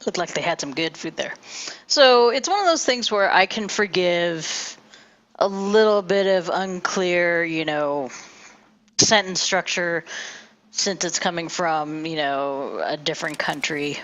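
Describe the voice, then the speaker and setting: A woman's voice: lowish voice, measured pace, a bit bright, dull audio. A woman streamer chatting casually over gameplay, rambling with lots of fillers and the odd swear.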